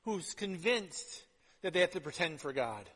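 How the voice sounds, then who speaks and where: A male pastor preaching a sermon in a conversational way, dropping to hushed asides and rising to loud emphatic lines. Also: on the high side, sing-song, normal speed, slightly rough. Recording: long hall reverb.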